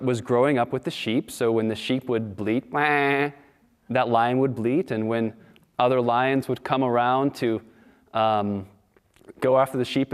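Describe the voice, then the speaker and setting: A man delivering a Sunday sermon with a mid-pitched voice. He tells stories in an easy, conversational way. He often turns to his listeners with questions. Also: smooth. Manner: warm storytelling, asks the audience questions. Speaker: speaker at a Sunday service.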